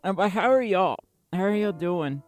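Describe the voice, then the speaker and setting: Woman livestream host, casual chat, tired and scattered, laughs a lot, very animated pitch, faint music underneath. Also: moderate pace. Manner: chatty, scattered, laughs often.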